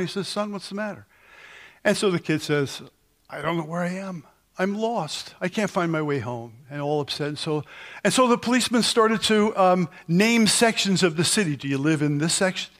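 Conversational higher-voiced male preacher. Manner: conversational, storytelling with frequent restarts; sings hymn lines slowly. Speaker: pastor. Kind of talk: sermon.

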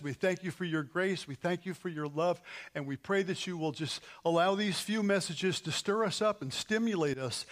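Casting: New pastor, man, slightly high voice, earnest prayer that swells into emphatic calls. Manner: earnest, builds to emphatic peaks. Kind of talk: sermon prayer. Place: church sanctuary.

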